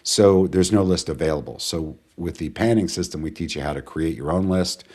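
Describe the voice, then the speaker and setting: Male webinar host, very low voice, casual and rambling, chats with the audience. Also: moderate pace, a little mellow. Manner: chatty, rambling, greets viewers and answers chat questions. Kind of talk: casual live webinar talk.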